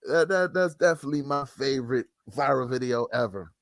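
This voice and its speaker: Gravelly man laughing in dry banter. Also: mid-range voice, fairly quick, no room sound. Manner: laughs often, short agreeing replies. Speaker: podcast co-host. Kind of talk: casual comedic chat.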